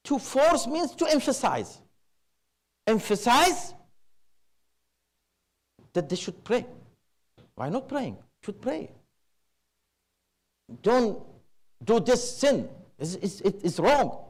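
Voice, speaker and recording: Man, religious lecture, high-pitched voice, slow emphatic delivery, Arabic terms. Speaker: preacher at a religious gathering. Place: Islamic center hall.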